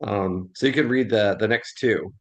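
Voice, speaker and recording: A Bible class teacher from the American South leads a casual class discussion in a Southern US accent. He's an animated storyteller who laughs often, and his voice is on the low side at a moderate pace.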